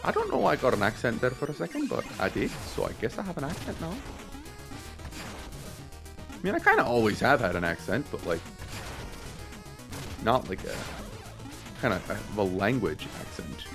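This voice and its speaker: Brief: excitable young gamer narrating his playthrough, jokey and loose, voice leaping all over, soft game music behind. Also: medium pitch, moderate pace, long pauses. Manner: excitable, rambling, laughing, swearing. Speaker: let's play host. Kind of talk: casual gameplay commentary. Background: faint game music.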